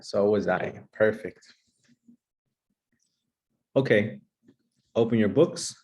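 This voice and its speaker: A man playing an English teacher, calling on students and giving brisk, upbeat praise. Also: on the low side, a little mellow. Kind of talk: playful classroom sketch.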